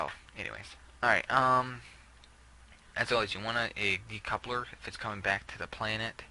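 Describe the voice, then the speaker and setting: A man's voice: fairly low pitch, creaky, bright, forceful tone, slight background noise, poor audio. A young man casually talking through a game build, rambling with many fillers and self-corrections. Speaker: gameplay video creator.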